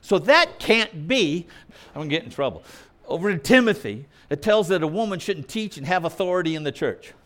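Male preacher with a high, animated voice; punchy and argumentative, drops to quiet asides. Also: fairly quick. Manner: emphatic, argumentative, mimics opponents' objections; swings between loud punchy lines and quiet asides. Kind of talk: sermon.

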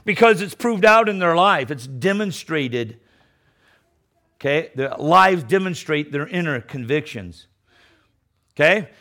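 A middle-aged man preaching a sermon, emphatic, swinging between loud declarations and low mocking asides, often repeating words as he restarts. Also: animated, a little slow, long pauses.

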